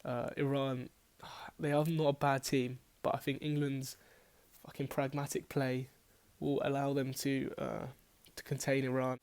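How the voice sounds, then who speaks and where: Chatty man, flat delivery. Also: mid-range voice, normal speed, clean tone. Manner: chatty, rambling, self-correcting, swears casually. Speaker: fantasy football host. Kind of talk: casual team-selection talk.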